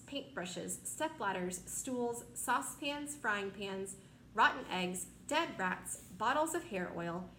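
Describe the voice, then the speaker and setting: A woman reading a children's novel aloud as narrator, with steady, expressive storytelling. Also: medium pitch. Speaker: reader. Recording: echoey room, faint noise.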